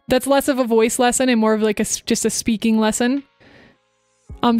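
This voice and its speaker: Young female VTuber host, quick bubbly chatter, slightly high pitch, faint music bed. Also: a little mellow. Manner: fast, chatty, bubbly, talks to chat. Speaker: VTuber streamer. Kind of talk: live stream chat and voice tips. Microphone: close desk microphone.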